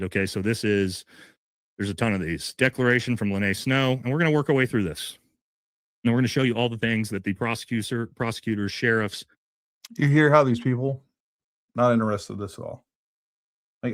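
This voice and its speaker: A man's voice: medium pitch, no room sound, clean studio sound. A man hosting a live podcast, talking to his viewers in an emphatic, indignant way. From United States. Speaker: podcast host.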